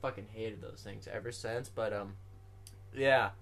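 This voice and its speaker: Young dude on a podcast, bright tone, rambling and cussing, yells out the scary bits. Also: male voice, fairly low pitch, steady tone, measured pace, creaky, slight background noise. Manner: rambling storytelling, lots of swearing and loud acted-out yells. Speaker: podcast co-host. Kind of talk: casual chat.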